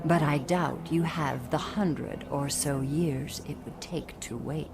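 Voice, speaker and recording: An actress voicing a regal Daedric goddess who speaks slowly, solemnly and formally in a video game. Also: female voice, low voice, vocal fry, background noise, heavily acted. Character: regal female Daedric goddess, calm and commanding.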